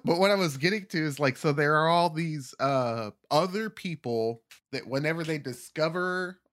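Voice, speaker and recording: A man's voice: a little high, normal speed, fairly bright tone, dry recording, clean studio sound. A man chatting casually on a comedy podcast, rambling and acting out the voices of people he mocks.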